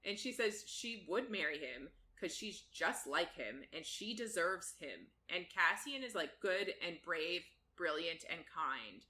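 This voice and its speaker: A woman's voice: fairly low pitch, lively intonation, a little slow, hardly any pauses, pushed and bright. A woman co-hosting a podcast, chatting casually as she recaps a book, laughing often and swearing freely. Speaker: podcast co-host.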